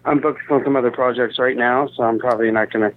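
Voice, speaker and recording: A hoarse-voiced man, a comedian guest, tells stories in a dry, easy way. His sound is thin and phone-like, as if from a tinny line. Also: medium pitch, fairly even intonation, quick pace. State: hoarse, coughing. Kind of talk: casual chat.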